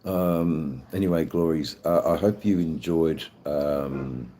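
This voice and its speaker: A man's voice: very deep voice, takes it slowly, dark tone, a little hiss or hum. An Australian man hosting a livestream in casual chat, rambling and hesitant, swearing freely. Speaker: livestream host.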